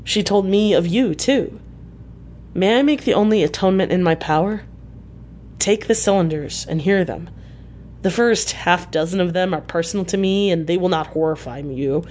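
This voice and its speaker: A man's voice: sits high, normal speed, a little mellow, slight background noise, lightly acted. A woman reading as an awkward, earnest male doctor. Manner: hesitant and awkward, stammering.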